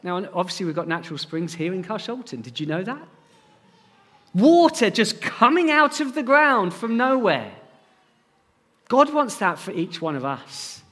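A man preaching a sermon and talking directly to his congregation in a lively, engaging way. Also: high-pitched, normal speed. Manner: animated, addresses the congregation directly. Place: church.

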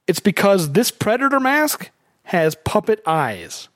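A man's voice: high voice, big pitch swings, slow pace, a bit bright, no echo, studio quality. A man co-hosting a podcast, chatting casually about a movie and laughing often as he rambles. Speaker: podcast co-host. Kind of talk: casual movie commentary chat.

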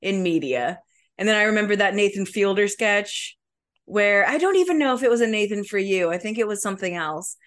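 Woman co-host, casual chatty talk, average pitch, lots of fillers. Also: lively intonation, fairly quick. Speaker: podcast co-host. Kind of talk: casual comedic chat.

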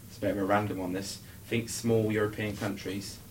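A man's voice: lowish voice, little pitch movement, brisk, darkish tone, distant mic. A man hosting a quiz on a student podcast, chatty and giggly, with lots of fillers. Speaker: quiz host. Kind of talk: casual student podcast chat. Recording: noisy room, speaker a little off-mic.

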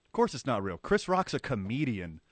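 A man's voice: medium pitch, big pitch swings, a little fast, dry recording. A man co-hosting a comedy podcast, cracking blunt, mocking jokes. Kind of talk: casual podcast banter.

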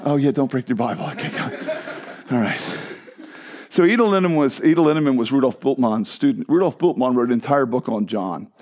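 A man preaching a sermon to his church, conversational and animated, with asides to the congregation. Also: mid-range voice, fairly quick. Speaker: pastor. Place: church sanctuary.

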